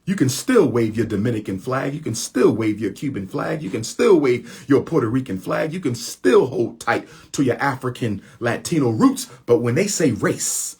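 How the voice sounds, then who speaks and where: Man, impassioned monologue, rhetorical questions, repetitive, very clear smooth voice. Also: medium pitch, very animated, moderate pace, few pauses, darkish tone. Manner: colloquial speech. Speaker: speaker addressing his followers.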